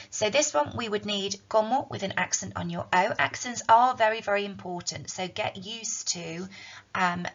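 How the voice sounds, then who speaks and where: Woman teacher with a gravelly low voice. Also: fairly bright tone. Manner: patient, explanatory, frequent ums. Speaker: Spanish teacher. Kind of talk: recorded tutorial lesson. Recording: dull lo-fi recording.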